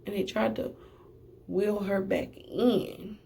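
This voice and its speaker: A young woman who works at a testing center, telling a storytime vlog in an animated, sassy way with slangy asides. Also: medium pitch, slow, creaky, slight background noise.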